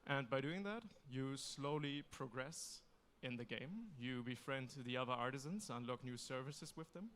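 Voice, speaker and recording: A man pitching his game on a convention stage, explaining it steadily with a few fillers. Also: normal speed, few pauses, fairly bright tone, slight background noise.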